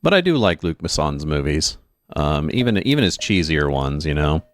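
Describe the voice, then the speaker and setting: A man's voice: a bass voice, sing-song, normal speed. A man hosting a casual let's-play stream, chatting and rambling with lots of fillers and asides, a bit stuffy from allergies. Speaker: streamer and host.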